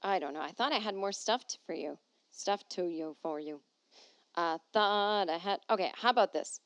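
A woman talks on her own podcast from home, reading an article aloud and breaking off for wry, jokey asides. The sound is close and dry, with no room in it. Her pitch sits in an ordinary middle range. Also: normal speed, fairly bright tone, no room sound. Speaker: podcast host.

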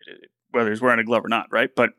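An eager male podcast co-host who rambles, restarting his sentences as he builds a point. His voice sits in a middle pitch, and the recording is dry and close-miked. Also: flat delivery, racing, sharp tone, no echo. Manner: enthusiastic, rambling with many restarts. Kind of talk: casual podcast chat.

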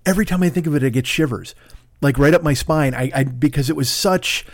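Hosting a podcast from his Los Angeles apartment, this man speaks fairly quickly in a slightly high voice. His comedic monologue is casual and profane, wandering through animated rants, all captured dry and at studio quality.

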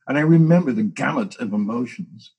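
A man with a gravelly, very raspy voice telling stories with animated, dramatic asides in a casual spiritual conversation. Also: mid-range voice, a little fast, highs cut off.

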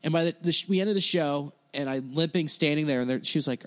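A man with a slightly high voice tells a story in loose, easygoing podcast chat. He swears freely and slips into the voices of the people he quotes. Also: quick pace, hardly any pauses. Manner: laid-back, swears freely, acts out quotes. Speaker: podcast host.

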